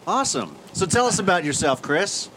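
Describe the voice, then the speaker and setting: A man's voice: high voice, sing-song, fairly quick, sharp tone, a little hiss or hum, low-quality recording. A man from Pennsylvania co-hosting a casual chat, easygoing and curious, asking questions. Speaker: co-host.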